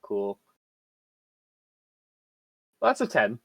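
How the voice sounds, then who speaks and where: A man's voice: on the low side, wildly swooping pitch, drawn-out words, creaky, dry recording. Hesitant man explaining his game move. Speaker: tabletop game player. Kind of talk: casual tabletop game chat.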